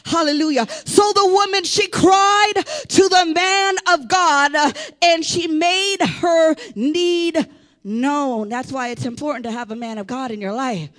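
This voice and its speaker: A woman preaching a fervent sermon in a very high, bright voice. She takes her words slowly and deliberately, then swells into full-throated shouts as she presses the point. She keeps calling on the congregation to answer back. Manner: impassioned, rising to shouts; urges the congregation to respond.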